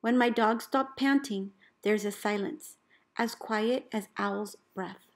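A woman, a teacher, reading a picture book aloud in an expressive storybook voice, calling out the commands with gusto. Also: medium pitch, takes it slowly. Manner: expressive, calls out dog commands loudly.

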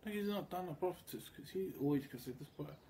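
Talking fast with lively intonation, this vlogger has a fairly high, warm voice, with a little hiss or hum in the recording. He rambles through a crude, casual story, performing the other characters' lines in quotes.

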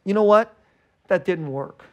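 High-voiced man preaching conversationally. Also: unhurried, dull audio. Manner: conversational preaching, swinging between bright and hushed; laughs between phrases. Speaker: pastor. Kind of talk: sermon.

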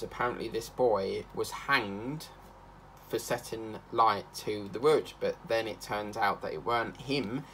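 A chatty man rambles through stories while he works on a craft project. His mid-pitched voice has a gravelly fry to it. A faint hum sits behind him. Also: a bit bright. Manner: rambling, chatty, breaks into snatches of song. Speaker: craft channel host. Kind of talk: casual chat while crafting.

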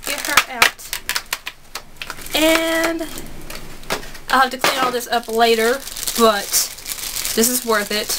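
A young woman vlogging an unboxing at home, gushing and excitable, chatting to her viewers. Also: on the high side, slow pace, long pauses, heavy background noise.

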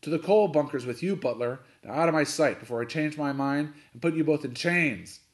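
A man voicing a gruff old sea captain who bellows orders and roars at everyone. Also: on the high side, a little fast, voice pushed up, natural voice. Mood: blustering. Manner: roaring, barking orders.

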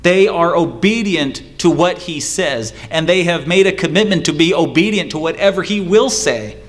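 A pastor preaching a sermon, driving home points with repetition and rhetorical questions, sometimes mimicking excuse-makers. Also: male voice, lively intonation. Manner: acts out excuse-makers in a higher, quicker voice.

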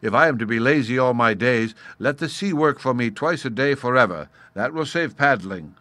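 A weary grown man who complains loudly and refuses to paddle, voiced by a male storyteller. He sounds raised and a touch louder than the narration. The sound is dry and close. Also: medium pitch, lively intonation, normal speed, dry recording. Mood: defiant.

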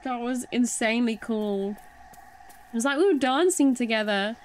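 A woman giving excited gameplay commentary, exclaiming and panicking as she plays. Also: a little high, measured pace, slight background noise. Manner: exclaiming, panicky, laughing often. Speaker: let's play streamer. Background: game music.

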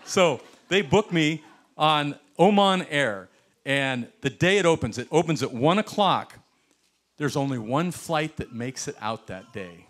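A man from the United States, a pastor telling a story in a sermon, animated and chuckling as he acts out the people in it. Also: a little high, measured pace. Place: church sanctuary.

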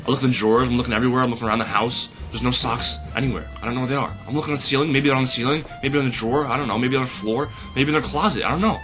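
A young man rambling excitedly through a comedy skit, his voice climbing into shouts as he gets carried away. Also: mid-range voice, very fast, faint music behind. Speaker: comedy sketch performer.

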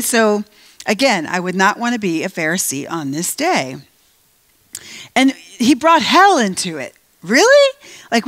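A woman giving a conversational Bible teaching at a live event, emphatic and animated, slowing down to stress her points. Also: fairly high pitch. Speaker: guest speaker at a faith event. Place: live event venue before an audience.

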